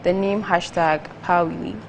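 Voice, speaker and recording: Low-voiced woman reading viewer texts. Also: fairly even intonation, moderate pace, creaky, a little hiss or hum. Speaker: co-host reading viewer messages. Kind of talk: reading viewer text messages on air. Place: TV studio.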